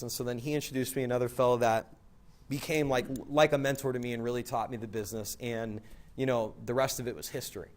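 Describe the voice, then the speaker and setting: A man speaks at a very fast clip as a guest on a talk show. He tells his story in a loose, rambling way, with "like" and "right?" scattered through his sentences. His pitch sits in an ordinary middle range. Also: fairly even intonation. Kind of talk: casual anecdotal storytelling.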